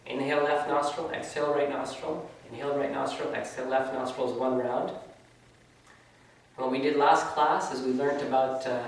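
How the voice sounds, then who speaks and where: A man teaching a yoga class in a loose, conversational way, often tagging his sentences with "right?". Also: medium pitch. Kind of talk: casual spoken class instruction. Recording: very echoey room, voice from far off.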